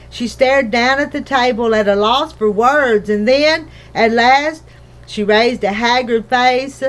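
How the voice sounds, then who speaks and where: A woman reading a children's book aloud in a gentle, unhurried storybook manner. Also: a little high. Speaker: narrator.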